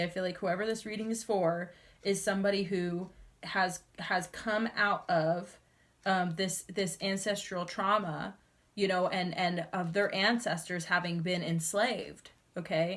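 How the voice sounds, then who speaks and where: A woman's voice: lowish voice, a bit bright. A young woman giving a casual tarot reading, emotional and rambling, full of fillers and restarts. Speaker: tarot reader.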